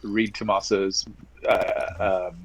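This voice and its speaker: A man's voice: low-pitched, little pitch movement, slow pace, gravelly, no echo, low-quality recording. A man in casual podcast chat, joking and slipping into silly voices. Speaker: podcast co-host.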